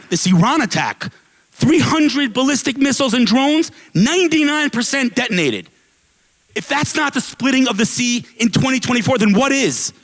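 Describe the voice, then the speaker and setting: Animated, lively-pitched man giving a speech. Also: rough recording. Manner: animated, rhetorical questions, casual fillers. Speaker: guest speaker at an advocacy event. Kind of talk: impassioned public speech with storytelling. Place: event room with a live audience.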